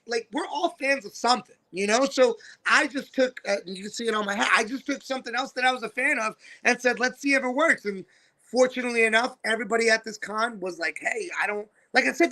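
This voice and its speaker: Brief: high-pitched, bright-toned male podcast host, animated storyteller who acts out quotes. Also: fast talker. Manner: animated, acts out voices of people in his stories. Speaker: podcast host and wrestling promoter. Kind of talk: casual storytelling chat.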